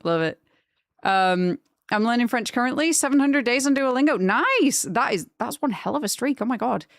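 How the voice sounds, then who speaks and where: A young woman chatting casually on a live stream, rambling and gushing when excited. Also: fairly high pitch, moderate pace, no echo, studio quality.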